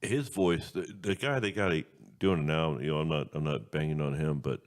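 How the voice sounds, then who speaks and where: Podcast host, man, extremely low voice, loose rambling chat with restarts. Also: normal speed. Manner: rambling, repeats words and restarts. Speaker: radio show host.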